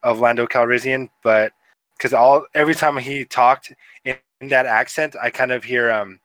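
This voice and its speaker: A man's voice: medium pitch, steady tone, normal speed, a bit bright, no echo, rough recording. A man co-hosting a casual movie review podcast, rambling with lots of fillers and laughter. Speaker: podcast co-host.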